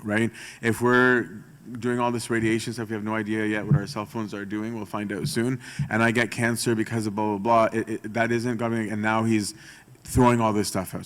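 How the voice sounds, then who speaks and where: A male priest giving a conversational sermon talk, often checking in with a rhetorical "right?". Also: lowish voice. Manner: chatty, tags points with rhetorical "right?".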